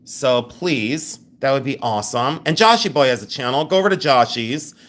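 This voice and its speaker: A man runs a live-stream jewelry sale in a chatty, teasing way, laughing often between descriptions of rings. His mid-pitched voice swings widely in pitch as he jokes with viewers. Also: moderate pace. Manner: animated, giggly, teasing. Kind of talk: live-stream sales chat.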